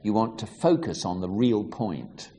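A man with a fairly low voice gives a teaching talk on reading scripture. He explains in a measured, deliberate way, and his pitch moves a lot as he reads passages aloud with emphasis. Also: sing-song, mellow. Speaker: Bible teacher.

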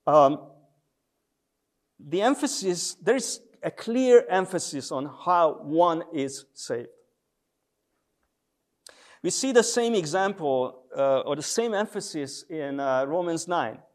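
A man lecturing on theology in a measured, deliberate way, with frequent hesitation sounds. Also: fairly high pitch, lively intonation. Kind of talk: theological lecture with scripture readings.

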